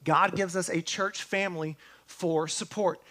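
This pastor speaks in a high, steady voice at a measured pace, preaching earnestly and addressing his congregation with frequent questions. His voice hushes on tender lines and swells again on words of hope.

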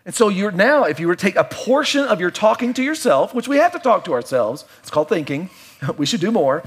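A middle-aged pastor with a voice a little higher than most men's delivers a loose, conversational sermon, mixing playful asides with hushed, reflective stretches. He speaks briskly with big pitch swings and a slightly rough voice.

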